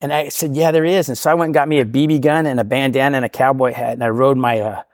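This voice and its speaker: Fast-talking man telling a rambling story. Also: mid-range voice, steady tone, no room sound, studio quality. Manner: rambling, self-deprecating, repeats "right?". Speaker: podcast guest sharing recovery story. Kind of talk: casual storytelling. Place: podcast studio.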